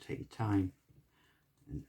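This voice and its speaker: A man's voice: takes it slowly, dark tone. A man giving a casual, rambling pyrography tutorial and chatting as he works. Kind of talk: casual tutorial chat while working.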